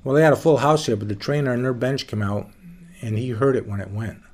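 In a casual storytelling interview, a man talks fast and folksy about his years as a baseball pitcher. He's relaxed and drops some plain swearing along the way.

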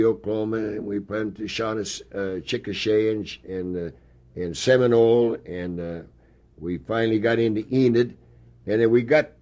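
A man's voice: fairly low pitch, a little mellow. An older man telling rambling, folksy stories in an oral history interview. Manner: rambling storyteller, folksy, many fillers. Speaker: interviewee, former ballplayer.

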